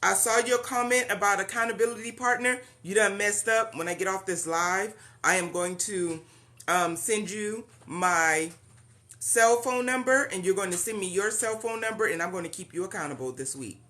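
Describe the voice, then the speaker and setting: A woman's voice: medium pitch, moderate pace, pushed and bright. A woman hosting a live-stream meeting, chatty and welcoming, greeting viewers by name and saying "y'all.". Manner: uses Southern-style "y'all".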